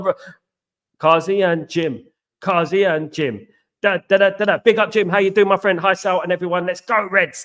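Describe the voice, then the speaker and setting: A man hosting a live football watchalong, chatting fast and repeating himself while greeting viewers by name. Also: a little high, a bit bright. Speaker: watchalong host. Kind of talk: live stream chat.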